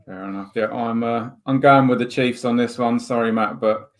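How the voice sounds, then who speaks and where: A man hosting a casual sports chat on a video call. His voice sits in an ordinary middle pitch, and he keeps the talk loose and joking. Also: fairly even intonation, normal speed. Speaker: podcast host.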